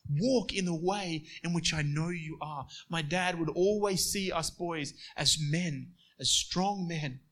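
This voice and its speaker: A man preaching a sermon, moving between quiet storytelling and emphatic passages. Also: a little high, takes it slowly, few pauses.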